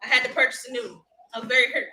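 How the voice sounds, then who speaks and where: A woman's voice: sits high, level tone, very fast, pushed and bright, echoey room, slight background noise, rough recording. A woman, hosting a casual live motivational chat, upbeat and laughing often as she talks to viewers. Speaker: livestream host.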